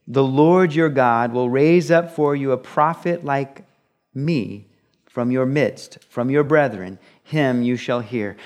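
Man teaching a conversational sermon. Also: medium pitch. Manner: conversational teaching, rhetorical questions, acted quotes. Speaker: pastor. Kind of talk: expository sermon.

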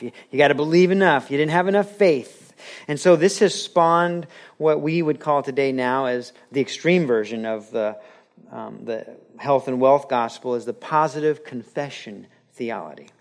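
A man preaching a sermon as a pastor, animated, acting out quoted voices and telling a joke. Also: on the high side.

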